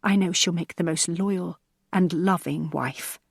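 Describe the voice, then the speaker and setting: A woman voicing a fond middle-aged mother who speaks slowly and gently in an audiobook. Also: on the low side, vocal fry, husky, no echo, clean studio sound, full character voice. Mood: wistful.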